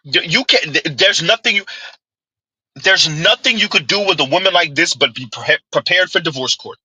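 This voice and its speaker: A man's voice: a little high, animated, moderate pace, sharp tone, slightly rough, no echo, poor audio. A man giving a mocking opinion commentary, full of rhetorical asides and scornful dismissals. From United States.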